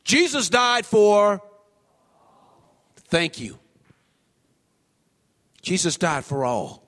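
A man preaching a sermon in a church, swinging from low murmurs to high, shouted calls. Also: very animated, drawn-out words, big-room sound. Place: church sanctuary.

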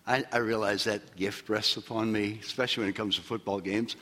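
A man preaching a sermon as pastor, swinging from shouted peaks down to low, quiet asides. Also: fairly even intonation, fairly quick, big-room sound. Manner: preaching with loud shouted peaks and sudden drops.

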